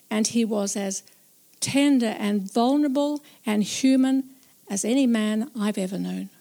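A woman's voice: a little high, dark tone. Earnest woman telling a Bible story. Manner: slow, reflective and earnest. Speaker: narrator. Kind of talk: first-person dramatized Bible storytelling.

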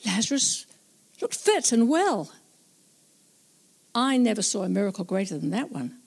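A woman narrating a Bible story as a first-person witness, slow, reflective and earnest. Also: medium pitch, big pitch swings, vocal fry, darkish tone, slightly rough.

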